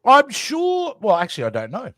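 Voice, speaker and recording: A man's voice: extremely high pitch, huge pitch swings, moderate pace, a bit bright, no echo. A man co-hosting a casual film review chat, hesitant and full of restarts. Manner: chatty, hesitant, with many restarts. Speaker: podcast co-host.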